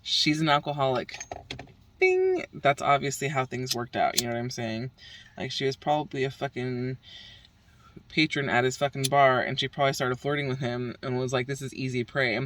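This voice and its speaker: A man's voice: mid-range voice, steady tone, brisk, a bit bright, slight background noise. A man from the Bay Area ranting profanely and heatedly in a casual vlog. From San Francisco Bay Area. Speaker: vlogger.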